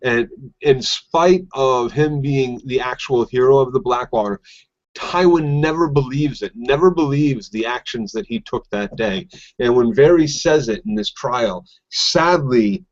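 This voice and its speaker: A man co-hosting a casual podcast recap, talking animatedly and acting out scenes in quick quoted voices. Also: medium pitch. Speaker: podcast co-host. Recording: dull lo-fi podcast audio.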